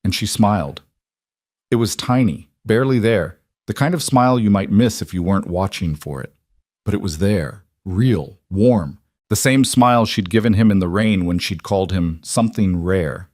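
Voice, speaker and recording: Male narrator, lowish dry voice, steady scripted storytelling. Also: moderate pace, no room sound.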